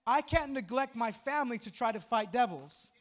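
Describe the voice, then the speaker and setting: Male pastor in his thirties, very high voice, chatty sermon with jokes and bursts of emphasis. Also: lively intonation, moderate pace, fairly bright tone. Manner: conversational, humorous preaching with rising emphatic outbursts.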